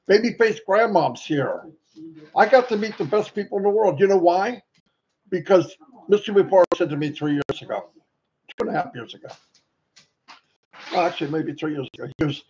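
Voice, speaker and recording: A man hosting a casual livestream, excitable and greeting viewers by name. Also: a little high, moderate pace. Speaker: livestream host. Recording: dull lo-fi sound, faint noise.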